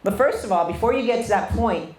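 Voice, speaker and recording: A woman's voice: on the high side, quick pace, darkish tone, slight background noise. A woman business coach giving a blunt, fiery motivational talk to a live audience, swearing freely. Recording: echoey room sound.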